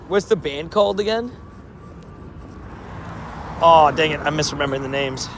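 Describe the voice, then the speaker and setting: A man's voice: on the high side, fairly bright tone, slight background noise. A man streaming a mobile game, chatting casually with his viewers. He laughs often and trips over his words.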